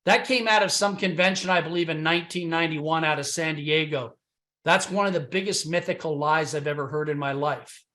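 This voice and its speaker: On a conference call, a business opportunity presenter makes a loud, boastful, punchy pitch, swinging from shouted emphasis to low asides. He talks fairly quickly with fairly even intonation, and his voice sounds a bit worn from the volume.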